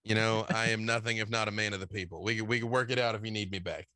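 A man's voice: fairly low pitch, steady tone, quick pace, sharp tone, dry recording, clean studio sound. A tired man talking casually as an interview guest, rambling and filling his talk with "you know". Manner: tired after a long day. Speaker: guest game designer. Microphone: video call.

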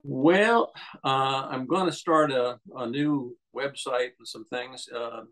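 A man's voice: mid-range voice, slow pace, fairly bright tone, rough recording. A man, a guest on an interview show, telling rambling anecdotes with many restarts and fillers. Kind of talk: casual storytelling interview.

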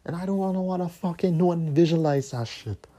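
A man's voice: fairly high pitch, a little fast, dark tone. A man, hosting a podcast and delivering a profane, repetitive, scolding rant. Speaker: podcast host.

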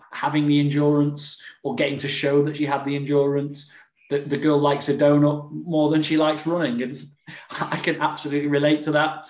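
A man chats casually as a podcast co-host, rambling and restarting his sentences. His voice sits in the middle of the range. The room around him is echoey. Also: medium pitch. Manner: rambling, frequent restarts and fillers. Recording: roomy echo.

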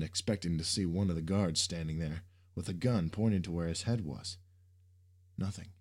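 Low-voiced guy reading out a story, steady and even. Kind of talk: scripted narration.

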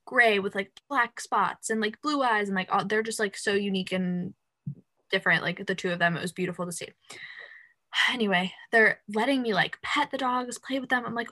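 A woman's voice: medium pitch, a little fast. A young woman co-hosting a podcast, telling a story in a casual, rambling way with lots of "like" and fillers. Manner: animated, rambling with many fillers and "like". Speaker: podcast co-host.

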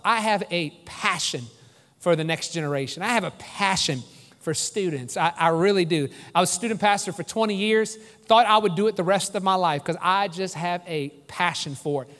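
A man's voice: high voice, moderate pace, a bit bright. A man in his forties, a pastor delivering an earnest, emphatic sermon with repeated phrases. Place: church sanctuary. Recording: echoey hall reverb.

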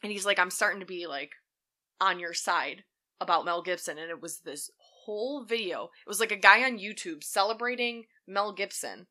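Sweary sarcastic woman host, bright sharp voice, casual storytelling. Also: medium pitch, moderate pace. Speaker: podcast host telling the story.

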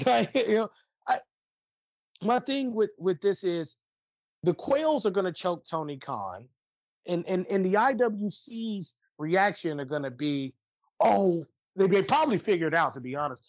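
A man's voice: high voice, a little slow, no echo, lo-fi sound. A man co-hosting a podcast, ranting in casual chat with lots of swearing and restarts. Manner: animated, swearing, rambling rants with restarts. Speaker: podcast co-host.

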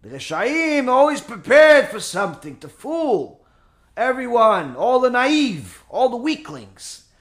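A man's voice: extremely high pitch, sing-song, measured pace, echoey room. A man telling a religious story as a sermon, dramatic and acting out scenes with sound effects.

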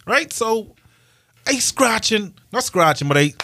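A man telling a crude, lively story in casual chat. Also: high-pitched, unhurried, creaky.

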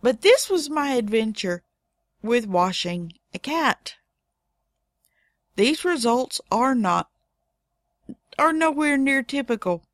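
A middle-aged woman telling a funny personal story in a casual way, with wry deadpan asides. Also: on the high side, slow pace, pauses often, no echo, studio quality.

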